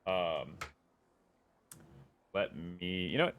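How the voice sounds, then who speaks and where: A young streamer offers playful live commentary on his game, humming to himself and teasing enemies. His voice sits low and narrow and moves very slowly, and the audio is tinny.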